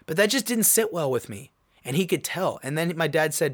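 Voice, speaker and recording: A young man hosting his own podcast, telling a personal story in an animated, excitable way. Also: on the high side, fairly quick. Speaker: podcast host. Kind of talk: casual solo podcast monologue.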